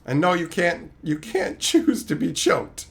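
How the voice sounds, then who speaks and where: Profane, lively streamer man. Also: a little high, unhurried, creaky. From Canada. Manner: profane, mocking, laughing. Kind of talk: casual live-stream rant.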